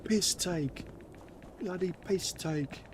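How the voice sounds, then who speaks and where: A man's voice: high-pitched, slow pace, background noise, voice pushed up. A man voicing a cheeky, taunting British street tough in a put-on Birmingham accent, slinging exaggerated slang.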